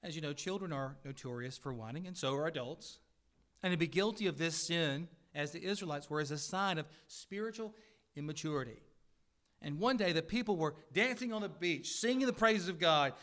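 Earnest preaching man, slightly high voice. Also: fairly quick, fairly bright tone. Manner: earnest preaching with sudden rises in pitch and volume, dry asides. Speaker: pastor. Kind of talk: sermon. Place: church sanctuary.

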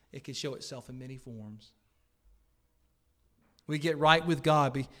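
At a church service, a man delivers a sermon in a fairly high-pitched voice. He alternates between booming, forceful statements and soft, heartfelt appeals.

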